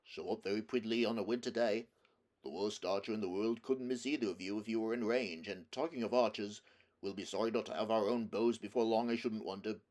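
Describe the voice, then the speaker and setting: Storybook creature: man doing a glum male marsh-wiggle, low, muttering, dour and wary. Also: fairly even intonation, brisk, darkish tone, natural voice. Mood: grumbling. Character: gloomy, grumbling male marsh-wiggle, long-limbed and frog-handed. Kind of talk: audiobook character voice.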